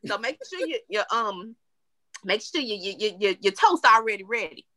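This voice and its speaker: A woman co-hosting a podcast in casual chat, telling stories with playful, animated delivery. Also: mid-range voice, normal speed, no room sound. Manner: animated, playful storytelling with frequent laughter. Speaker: podcast co-host.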